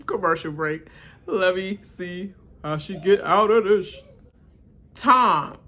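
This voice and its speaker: A reality TV reaction streamer hosts a live watch-along, laughing often and mimicking the cast in exaggerated voices as she rants bluntly. Her mid-range voice is sharp, swings widely in pitch, and moves slowly with frequent pauses.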